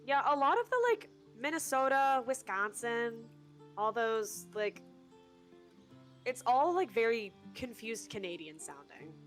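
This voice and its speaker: A woman's voice: a little high, big pitch swings, measured pace, faint music behind. Chatty woman streaming a co-op game. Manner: chatty, rambling, lots of fillers and restarts. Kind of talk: casual live-stream chat.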